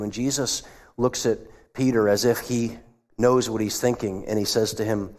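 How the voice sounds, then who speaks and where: Guy giving a sermon, mid-pitch voice, long echo off the church walls. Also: steady tone, normal speed. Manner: acts out quoted voices, drops to a hush for asides. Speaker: pastor. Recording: long hall reverb.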